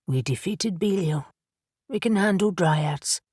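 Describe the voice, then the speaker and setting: A woman voicing a composed, reassuring young winged man in an audiobook, speaking in a steady, matter-of-fact way. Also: on the low side, measured pace, breathy edge, no room sound, clean studio sound.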